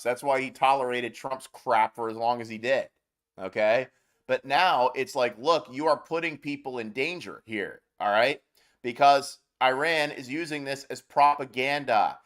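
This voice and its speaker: A man's voice: medium pitch, a bit bright. A man giving casual, exasperated reaction commentary. He rants and talks over the clips he plays. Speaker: political commentator.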